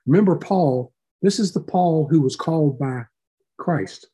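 A man leading a Bible study class, reading verses aloud and explaining them in a relaxed, conversational way. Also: on the high side, a little slow, breathy edge. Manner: relaxed, explanatory, reads scripture aloud then unpacks it.

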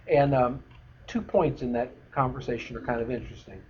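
A man teaching a bible study in a relaxed conversational way, with many fillers and restarts. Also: medium pitch, a little fast. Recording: dull lo-fi recording with faint noise.

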